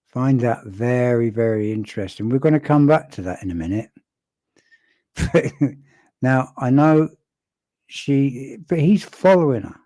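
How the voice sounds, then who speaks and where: A man breaks down a video clip in a loose, wry way, stopping and restarting as he thinks. His voice is warm and mellow. The sound is dry and close. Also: mid-range voice, animated, no room sound. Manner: conversational, wry, with pauses and restarts. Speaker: commentator analysing a video clip. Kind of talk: casual video commentary.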